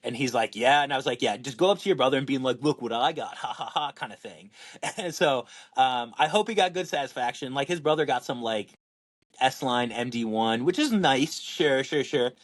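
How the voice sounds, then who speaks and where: A young man from Washington state, co-hosting a podcast and telling a lively story, acting out quotes with lots of fillers. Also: mid-range voice, moderate pace. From Washington state, USA. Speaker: podcast co-host and pro disc golfer. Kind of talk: casual storytelling chat.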